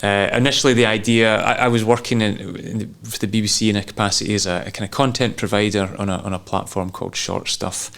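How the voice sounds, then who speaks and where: A Scottish man in at least his thirties, a comedian giving a relaxed interview, easygoing and self-deprecating with frequent chuckles. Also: on the low side, quick pace, gravelly, hardly any pauses. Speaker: comedian and actor guest.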